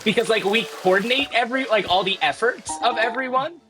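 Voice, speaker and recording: A man's voice: extremely high pitch, a little fast, music in the background. A man streaming a speedrun, chatting casually and thinking aloud as he plays, often correcting himself. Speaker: speedrunner playing live. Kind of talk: casual commentary while playing.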